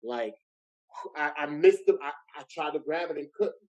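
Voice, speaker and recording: A man's voice: on the high side, animated, moderate pace, dull audio. A middle-aged man from New Jersey, a guest comedian telling a story in casual chat with street slang.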